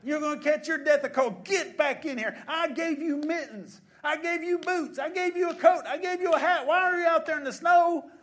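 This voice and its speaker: Shrill scolding mother, shouting from afar, put on by a male preacher, high voice, rapid questions. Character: frantic scolding mother calling kids indoors.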